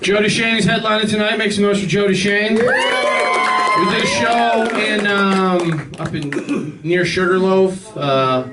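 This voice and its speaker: A young man does stand-up on a club stage, halting and filling gaps with ums between deadpan asides. His voice sits fairly high. He is picked up from a distance over a loud crowd. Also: heavy background noise. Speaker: stand-up comedian. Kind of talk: stand-up set.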